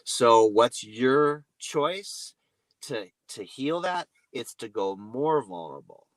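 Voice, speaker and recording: A man working as a relationship coach, talking as an interview guest in a slow, gentle way and acting out example phrases. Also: mid-range voice, animated, no room sound, poor audio.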